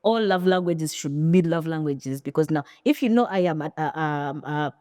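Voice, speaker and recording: Brief: woman podcast co-host, lower-pitched voice, dry close sound, opinionated and animated. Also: moderate pace, no room sound. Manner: opinionated, animated, acts out quoted lines. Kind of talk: casual podcast chat.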